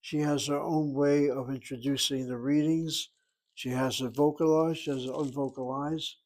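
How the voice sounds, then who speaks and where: A man teaching a Hebrew grammar lesson, sounding out words slowly and repeating them for his students. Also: on the high side, steady tone, a little mellow, poor audio.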